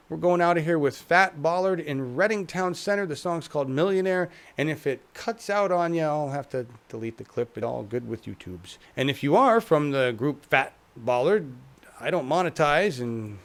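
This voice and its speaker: A man's voice: a little high, gravelly. A man hosting a casual livestream chat show, talking in a rambling, chuckling, self-deprecating way. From United States. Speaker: host.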